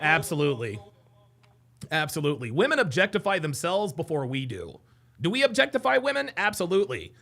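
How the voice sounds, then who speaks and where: A man hosting a live stream, reacting excitedly to a clip with laughter, shouting and lots of repetition. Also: a little high, brisk, creaky.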